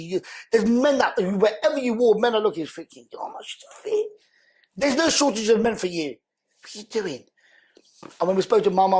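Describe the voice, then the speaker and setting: A man, a podcast guest telling an emotional personal story in an animated, slangy way, repeating words for emphasis. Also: high voice, slightly rough.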